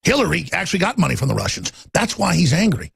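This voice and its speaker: A man hosting a talk radio show, ranting with passion and swinging between loud outbursts and low muttering. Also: sing-song, fast talker, creaky, breathy edge.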